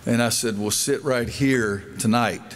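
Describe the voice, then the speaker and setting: A man's voice: mid-range voice, unhurried, a bit bright, soft background music. Older man telling folksy stories. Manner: folksy storytelling, acting out quoted dialogue. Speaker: basketball coach giving a speech. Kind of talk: speech at a dedication event.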